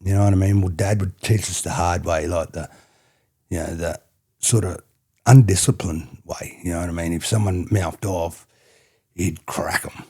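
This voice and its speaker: A man's voice: deep voice, fairly even intonation, normal speed, warm tone, breathy edge. A middle-aged Australian man, a former rugby player, talking as a podcast guest in a casual, rambling way, often tagging "you know what I mean". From country New South Wales, Australia. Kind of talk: casual reflective storytelling.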